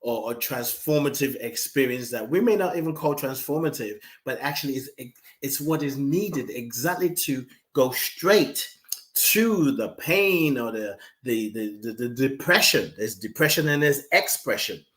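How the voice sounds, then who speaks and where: A man guest talking reflectively in a conversation, expressive and animated, slipping into emotional stories. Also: mid-range voice, unhurried, reverberant.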